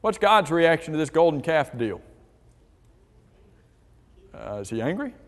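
A man's voice: fairly high pitch, very animated, unhurried. A man teaching a church Bible class, asking the class questions and reading scripture aloud. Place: church hall. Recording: long hall reverb.

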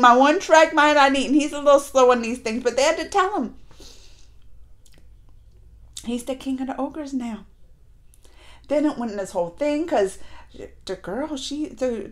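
A woman hosting a reaction video, chatting animatedly and cheering at the screen as she watches a show. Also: high voice. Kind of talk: casual reaction commentary.

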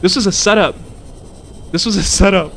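Playing a survival game on camera, a young gamer swears constantly and yelps in panic any time creatures approach. His voice is high and a bit bright at a normal pace, with slight background noise.

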